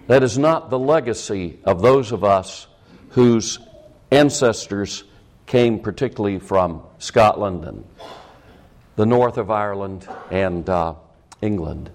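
A man's voice: fairly low pitch, sing-song, a little slow, darkish tone. A middle-aged man preaching a sermon as pastor, with emphatic rising peaks.

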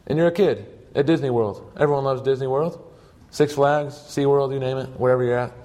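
A man's voice: mid-range voice, fairly quick, mellow. A man preaching a sermon, telling stories earnestly in short emphatic phrases.

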